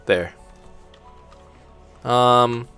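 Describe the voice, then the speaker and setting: A man's voice: mid-range voice, drawn-out words, pushed and bright, clean tone, soft background music. A man hosting a gaming channel, giving laid-back commentary as he plays, thinking aloud and swearing casually.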